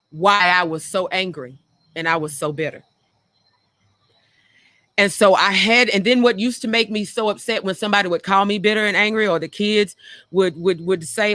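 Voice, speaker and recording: A woman's voice: medium pitch, a bit bright, no echo. A middle-aged woman hosting a talk show, speaking frankly and earnestly about her own past and repeating phrases for emphasis. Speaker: show host. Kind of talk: reflective personal talk.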